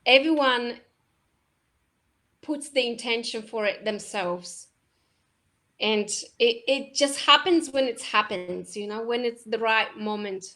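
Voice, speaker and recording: Woman, high and unhurried, soft halting conversational delivery. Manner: soft, halting, many restarts and laughs. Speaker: co-host. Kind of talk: casual spiritual conversation.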